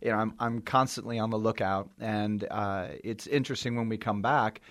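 Male radio guest, lowish voice, dry close mic, earnest, halting. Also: steady tone, a bit bright, dry recording. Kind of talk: casual radio conversation.

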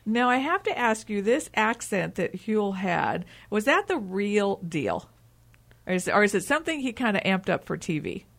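Woman, mid-pitched voice, talk show host, chatty, restarts often. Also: big pitch swings, normal speed, vocal fry. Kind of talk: interview talk.

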